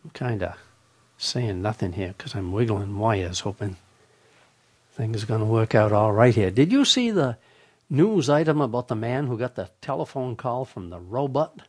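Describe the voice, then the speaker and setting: Older man, radio host, slow deliberate telling, lively swooping pitch. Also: slightly rough. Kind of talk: humorous radio monologue.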